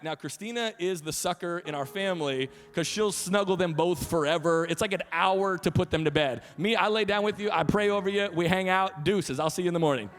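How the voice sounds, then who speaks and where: A pastor in his thirties preaching a sermon, telling family stories with a voice that carries and acting out quotes. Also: sits high. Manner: storytelling with laughs, animated quotes. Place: church sanctuary.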